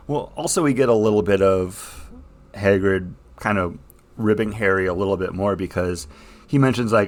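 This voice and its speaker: Low voiced guy on a book podcast, wry sarcastic riffs, chill. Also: moderate pace. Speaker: podcast co-host. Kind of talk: casual book club chat.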